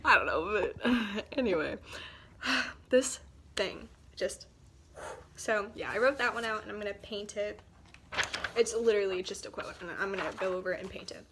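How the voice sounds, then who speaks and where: A teenage girl student chatting casually to camera, rambling, sighing and often dropping into soft near-whispers. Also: mid-range voice, moderate pace, background noise. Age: teens. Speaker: student vlogger. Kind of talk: casual chat.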